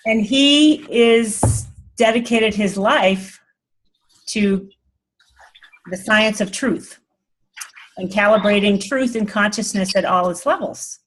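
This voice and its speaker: A woman's voice: mid-range voice, slow, long pauses, slight background noise. Emotional woman hosting a video call. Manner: emotional, laughs often, tearful at times. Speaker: host of an online group call. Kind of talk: casual talk and reading aloud.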